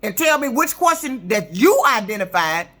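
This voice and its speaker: A woman's voice: fairly high pitch, sing-song, moderate pace, fairly bright tone. A woman in her fifties, a truck driver, telling a story in an indignant, profane, emphatic rant for her vlog. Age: 50s.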